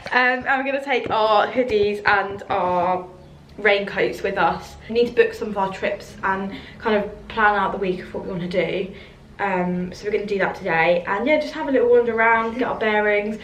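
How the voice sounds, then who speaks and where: A young woman chatting casually in a travel vlog, bubbly and quick to laugh. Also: medium pitch, a bit bright. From United Kingdom. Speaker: travel vlogger. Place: hotel room. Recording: echoey room, faint background noise.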